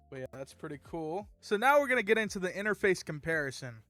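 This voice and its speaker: Brief: young male host, bright higher voice, lively chatty review delivery. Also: fast, hardly any pauses, no room sound, faint music behind. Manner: upbeat, chatty walkthrough. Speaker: gear reviewer, channel host. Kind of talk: casual product review.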